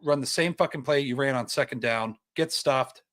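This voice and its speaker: A man's voice: medium pitch, normal speed, fairly bright tone. A young man co-hosting a sports podcast, ranting heatedly and swearing often in casual chat. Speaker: podcast co-host.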